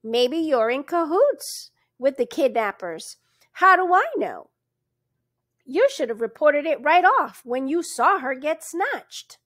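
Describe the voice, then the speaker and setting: A woman's voice: sits high, sing-song, a little slow, hardly any pauses, a bit bright, no echo, clean studio sound, pitched above the performer's own voice, full character voice. A woman voicing a chatty, suspicious rural male constable with a folksy drawl. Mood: folksy grumbling.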